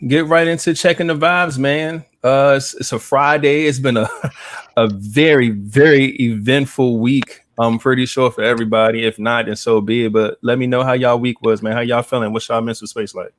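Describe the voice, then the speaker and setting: A man's voice: mid-range voice, fairly even intonation, moderate pace. A man hosting a live podcast in loose, chatty talk, laughing easily. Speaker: podcast host. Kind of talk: casual live podcast chat.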